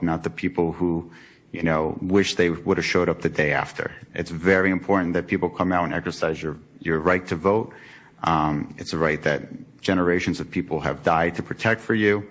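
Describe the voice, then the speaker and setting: A man's voice: sits low, fairly bright tone. A man, a council member, giving earnest remarks at a borough council meeting, with frequent fillers and restarts. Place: council chamber.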